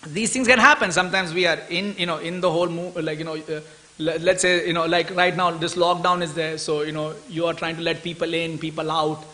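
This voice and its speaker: A man gives a lively scripture class at a temple. His voice sits high and sounds bright and forceful. He chuckles often and keeps checking in with his listeners. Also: brisk. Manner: animated, chuckling, asks "right?" often.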